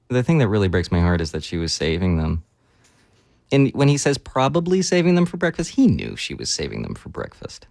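A man talking casually about poetry and reading poems aloud with animated feeling. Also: fairly low pitch, fairly quick, gravelly, no room sound, studio quality. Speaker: poet and guest. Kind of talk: casual chat with poem readings.

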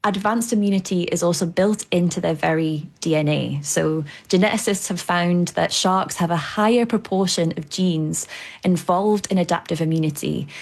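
A woman's voice: fairly low pitch, vocal fry, a little mellow. A woman scientist explaining biology for radio in plain, enthusiastic terms. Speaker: shark scientist.

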